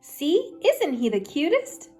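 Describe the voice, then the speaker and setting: A woman voicing an excited young girl bear, sweet and pleading, in a storybook read-aloud with faint music behind. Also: takes it slowly, full character voice. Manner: high, eager and pleading.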